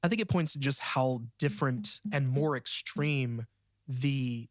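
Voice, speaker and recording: Male co-host with a measured delivery in relaxed movie chat; middle pitch, dry recording. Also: no echo. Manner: measured, adds facts and brief agreements. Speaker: podcast co-host. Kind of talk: casual film discussion.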